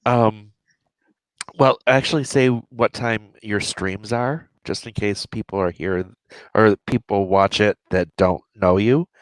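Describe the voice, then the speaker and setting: A man hosting a casual livestream chat as author and editor, laughing often and filling pauses with "uh". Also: fairly low pitch, fairly even intonation, dry recording. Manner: laughs often, many fillers.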